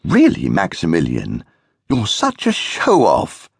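A man's voice: medium pitch, wildly swooping pitch, a little slow, husky, no room sound, clean studio sound, pitched above the performer's own voice, exaggerated voice. A man voicing a fussing mother rabbit. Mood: fond, fussing. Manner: fussing, gently scolding. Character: worried doting mother rabbit. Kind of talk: audiobook character voice.

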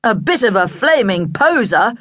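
A woman voicing an exasperated dad with a gruff, incredulous manner. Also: on the high side, wildly swooping pitch, moderate pace, darkish tone, no room sound, voice pushed up.

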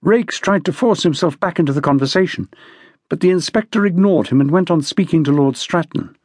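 A man reading an unabridged mystery novel as audiobook narrator in a measured, expressive manner. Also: a little high, dry recording, studio quality. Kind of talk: scripted narration.

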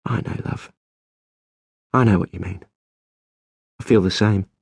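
A man reading an audiobook, voicing a tender young wife who coos and croons softly over a baby. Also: low voice, normal speed, gravelly, husky, no room sound, full character voice. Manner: soft, cooing, crooning. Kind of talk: audiobook narration.

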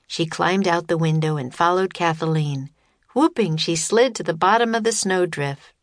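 A woman reading her own children's book as an audiobook, with measured storytelling on a close studio mic. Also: fairly low pitch, no echo. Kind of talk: scripted narration of a children's audiobook.

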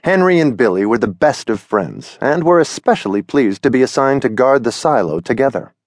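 Male storybook narrator, middle pitch, very animated reading, dry close recording. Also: brisk, dry recording. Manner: expressive, storytelling. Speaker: audiobook narrator. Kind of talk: scripted children's story narration. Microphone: close studio mic.

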